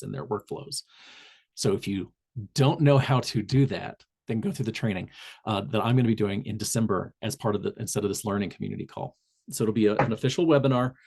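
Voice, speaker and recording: Gravelly man with a Southern Indiana accent. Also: lowish voice, darkish tone. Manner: loose, rambling with many fillers and restarts. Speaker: public health trainer. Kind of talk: webinar presentation. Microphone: video call.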